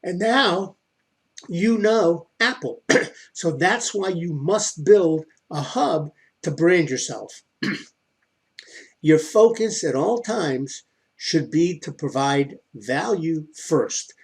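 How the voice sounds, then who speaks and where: Husky man coaching with rhetorical questions. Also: fairly high pitch, animated, very slow. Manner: emphatic, asks rhetorical questions and answers them. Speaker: online marketing coach. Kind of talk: instructional talk to camera.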